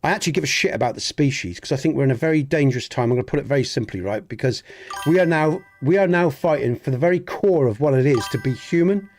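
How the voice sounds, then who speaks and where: A middle-aged English man from the southwest with a clear Dorset accent. He talks casually and earnestly to his live-stream audience, trailing off and restarting, and breaks off to greet viewers in the chat. His voice sits at an average pitch. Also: quick pace, a little mellow, faint music behind. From southwest England. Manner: rambling and earnest, many restarts, speaks to chat by name. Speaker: gaming streamer.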